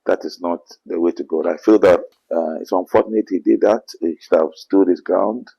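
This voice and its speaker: An apostle with a Ghanaian accent answers interview questions like a preacher, earnest and often quoting scripture, rising to emphatic bursts. His low voice has vocal fry and moves at normal speed, and the sound is lo-fi.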